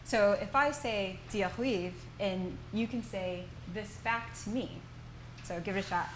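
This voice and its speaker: A woman's voice: medium pitch, measured pace, noisy background. A woman with an American accent teaching a small language workshop, patiently explaining sounds step by step. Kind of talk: teaching a class. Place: indoor workshop room.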